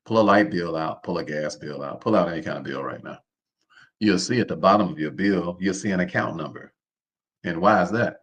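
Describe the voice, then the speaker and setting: A man with a very low voice hosts a live online session. He drives his points home by repeating them and keeps asking his listeners to answer him. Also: brisk, a bit bright. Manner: preacher-like, calls on the audience to respond; repeats phrases, informal speech. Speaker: host. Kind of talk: live online seminar talk.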